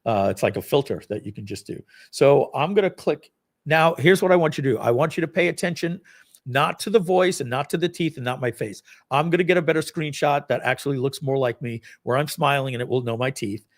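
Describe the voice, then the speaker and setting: With a slightly high voice, a man runs a live product launch stream and demonstrates software for viewers. His delivery is loose and meandering, self-deprecating and packed with fillers.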